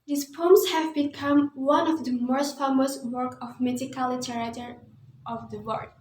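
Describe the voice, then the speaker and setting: A woman's voice: high-pitched, background noise. A young woman student with an Indonesian accent reading a story aloud in English, carefully and measuredly. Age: young adult. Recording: roomy echo.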